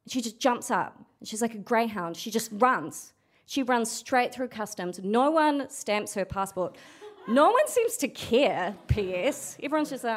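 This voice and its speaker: Sweary, animated woman telling a story. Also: on the high side, normal speed. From New Zealand. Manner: frank, animated and sweary, acting out quotes. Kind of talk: live storytelling. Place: storytelling event stage.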